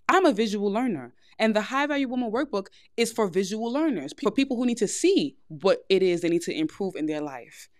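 A woman's voice: medium pitch, no room sound, clean studio sound. A young woman with a New York accent, hosting a podcast and giving frank, blunt advice in a casual monologue. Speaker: podcast host.

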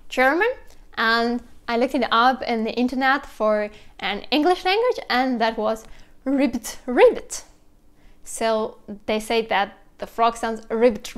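Woman, Russian accent, fairly high voice, casual language vlog, lively, mimics animal sounds. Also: smooth. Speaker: language teacher vlogger.

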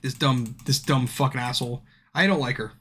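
A drunk man streaming a game, chatting casually, swearing constantly and bursting into yells at the screen. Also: medium pitch, a little fast, slightly rough. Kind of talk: casual livestream commentary. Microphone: streaming mic.

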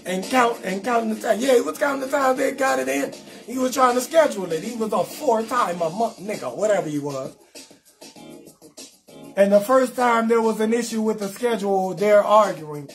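Male comedian host, very high pitch, brash and profane, AAVE, faint music under him. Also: moderate pace, creaky. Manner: brash, profane, animated, talks straight to viewers. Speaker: comedian hosting a live call-in show. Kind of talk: loud comedic live-stream rant.

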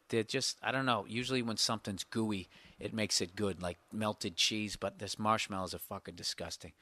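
A man's voice: fairly low pitch, sharp tone, no room sound. A middle-aged man hosting a solo podcast, rambling and swearing through a comedic story. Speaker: podcast host. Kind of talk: casual solo podcast monologue.

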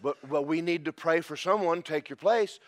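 A man preaching a sermon as pastor, animated and breaking into shouted praise. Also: fairly high pitch, fairly quick.

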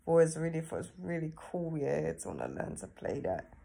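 Chatty woman, gravelly voice. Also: sits low, big pitch swings, brisk, dark tone. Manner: chatty, laughing often, tag questions. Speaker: vlogger. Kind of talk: casual self-talk to camera.

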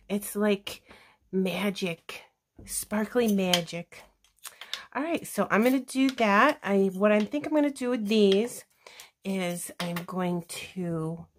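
A woman chatting casually through a scrapbooking tutorial, gushing and thinking aloud as she works. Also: mid-range voice. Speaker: scrapbooking crafter demonstrating a layout. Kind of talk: casual craft tutorial chat.

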